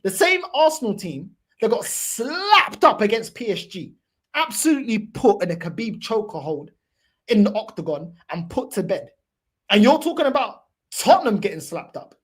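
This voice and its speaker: A woman's voice: medium pitch, very animated, normal speed, slightly rough. A woman hosting a football fan channel, delivering a heated, profane, mocking reaction rant. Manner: profane, mocking, repeats "bro".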